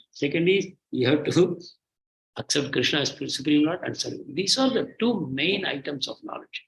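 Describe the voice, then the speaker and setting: A man's voice: a little high, vocal fry, echoey room, rough recording. A man giving a lecture on scripture, speaking emphatically, repeating phrases and checking in with "hmm?". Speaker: spiritual teacher.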